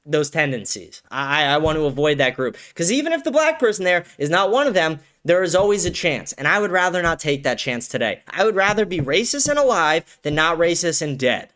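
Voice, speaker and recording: Fairly high-pitched and a bit bright, the host sounds very animated and brisk, with hardly any pauses. He delivers a heated solo commentary rant packed with swearing and stumbling restarts, repeating words as sentences begin.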